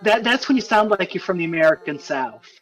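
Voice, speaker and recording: High-voiced man explaining haltingly. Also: animated, fairly bright tone, soft background music, poor audio. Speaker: let's play co-host. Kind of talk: casual chat.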